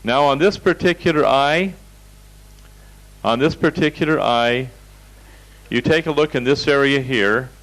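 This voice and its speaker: A man's voice: medium pitch, measured pace, pauses often, fairly bright tone, rough recording. A man teaching a seminar over slides, telling folksy anecdotes in a direct, storytelling way. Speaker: seminar instructor.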